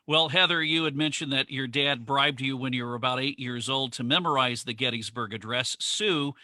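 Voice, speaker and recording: A man's voice: medium pitch, normal speed, bright, forceful tone, dry recording. A man hosting a museum's live online Q and A, talking in a friendly, conversational way and reading out viewer questions. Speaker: museum livestream host.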